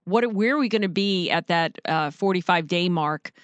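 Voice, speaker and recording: Woman host asking halting questions. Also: fairly low pitch, smooth, no room sound. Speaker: interview host. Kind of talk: interview.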